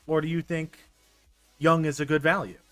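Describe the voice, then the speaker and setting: A young man streaming a baseball management game, chatting casually with his viewers, excitable and stumbling over restarts. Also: fairly high pitch, normal speed, no room sound. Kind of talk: casual gameplay commentary talking to chat. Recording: dry close mic with faint game music.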